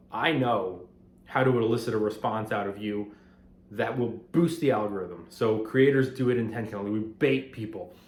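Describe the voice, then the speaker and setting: A man who makes finance videos, talking at home in a rambling, conversational way that grows heated and emphatic. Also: mid-range voice. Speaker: finance content creator. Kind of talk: casual talking-head vlog. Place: apartment at home. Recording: roomy echo of a home room.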